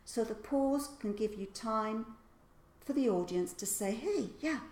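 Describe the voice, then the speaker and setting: A woman's voice: on the high side, unhurried, a little mellow, reverberant. A woman teaching public speaking in a casual lesson, playfully acting out example lines with exaggerated stress. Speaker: voice and speaking coach.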